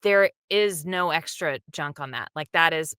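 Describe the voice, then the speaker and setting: A woman's voice: deep voice, measured pace, pushed and bright, clean tone, dry recording, studio quality. A woman, a dub director, talking animatedly in an interview and acting out the lines she quotes. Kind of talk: interview, behind-the-scenes talk.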